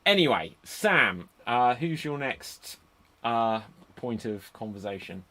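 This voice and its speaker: A man's voice: mid-range voice, very animated, takes it slowly, bright, forceful tone. A man hosting a casual chat, rambling into enthusiastic tangents, speaking into a computer microphone on a remote call. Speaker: podcast host.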